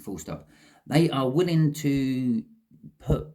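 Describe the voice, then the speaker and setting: A man's voice: mid-range voice, lively intonation, slow, warm tone. A man giving a casual, chatty tarot reading to camera, explaining each card as he goes. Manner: chatty, explains as he goes, says "okay" often. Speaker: tarot reader.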